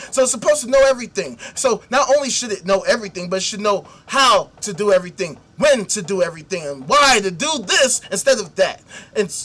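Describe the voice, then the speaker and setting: A man with a high, bright voice hosts a talk show. He is animated and sarcastic, swearing constantly as he rants about an article he reads aloud. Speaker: podcast host. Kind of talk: profane commentary reading a news article.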